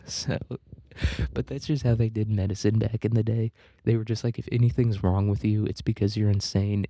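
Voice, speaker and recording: A man's voice: on the low side, mellow, dry recording. A young man hosting a casual history podcast, loose and profane, joking with lots of fillers and asides. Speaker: podcast host.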